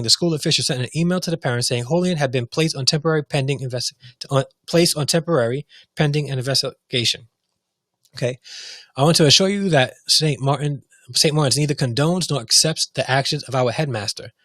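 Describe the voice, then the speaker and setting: A man's voice: a little high, brisk, a bit bright, no echo, clean studio sound. A man hosting a talk show, speaking with heated, repetitive emotion and many restarts. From United States. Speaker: show host. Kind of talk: impassioned commentary.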